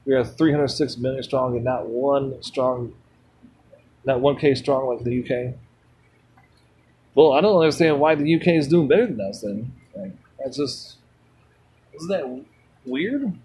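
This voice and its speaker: A man's voice: medium pitch, mellow, slight background noise. A man streaming a mobile game, rambling bluntly between chat replies and swearing freely. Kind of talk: rambling casual chat while gaming.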